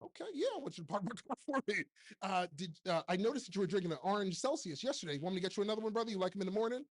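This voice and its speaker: A man putting on the voice of an eager, fawning young male production assistant who rushes to offer help. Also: sits high, wildly swooping pitch, full character voice. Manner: overly helpful, rushed, sucking up.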